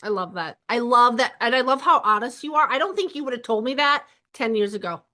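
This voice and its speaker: Bright-voiced woman hosting a podcast. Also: fairly high pitch, lively intonation, brisk. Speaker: podcast host. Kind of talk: casual podcast chat.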